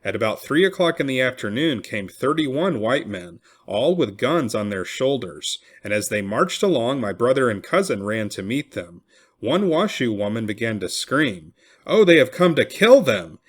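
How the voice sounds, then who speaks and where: A man reads a historical first-person account aloud at a middling pitch. His delivery swings widely in pitch, and he lifts his voice when quoted people cry out. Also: normal speed. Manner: expressive, raising the voice for cried-out quotes. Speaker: reader. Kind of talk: reading a historical memoir aloud.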